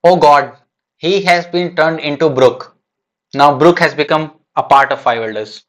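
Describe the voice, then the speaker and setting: A streamer with a fairly high voice and a measured pace shares his live reaction to a manga chapter. He thinks aloud casually, hesitating, restarting and leaning on fillers.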